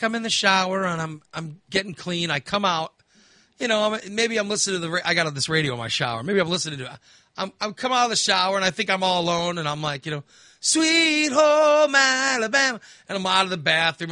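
A man's voice: high voice, quick pace, pushed and bright, dry recording, studio quality. A man hosting a podcast, telling stories in casual chat with laughs and voiced asides. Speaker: podcast host.

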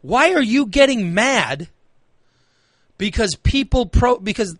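A man's voice: high voice, expressive, takes it slowly, a bit bright, no echo. A man hosting a talk radio show, ranting in a heated, emphatic way and repeating phrases for emphasis. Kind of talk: opinionated talk radio rant.

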